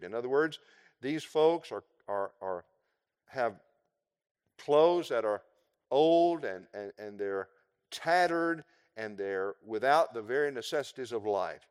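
Slow, animated preacher in a reverberant hall. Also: male voice, mid-range voice. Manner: expository, emphatic, drawn-out phrases. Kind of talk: sermon.

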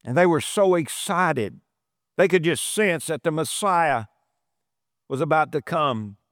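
A man's voice: fairly high pitch, animated, measured pace, a bit bright, no room sound, clean studio sound. A man preaching a sermon, emphatic and repeating phrases for stress. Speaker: pastor.

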